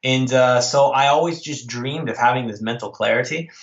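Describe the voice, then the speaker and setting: A man's voice: mid-range voice, normal speed. A man telling a story as an interview guest, rambling with many restarts. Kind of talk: casual storytelling. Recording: echoey, dull lo-fi audio.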